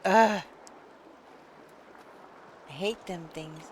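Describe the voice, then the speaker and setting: A woman streamer chatting casually, reading chat aloud and thinking out loud. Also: on the low side, a little slow, very noisy.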